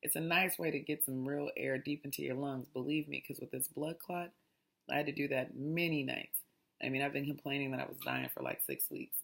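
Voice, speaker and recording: A woman's voice: rumbling low, expressive, fairly quick, vocal fry. A woman hosting a casual mindfulness talk, reading aloud in a chatty, digressive way and often restarting her lines. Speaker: host.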